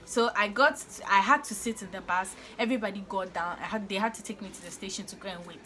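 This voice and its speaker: A young woman tells a storytime vlog in a bright, forceful voice. She is animated and exasperated and leans on fillers as she goes. Her delivery stays casual and chatty throughout. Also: mid-range voice, quick pace, a little hiss or hum. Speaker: vlogger.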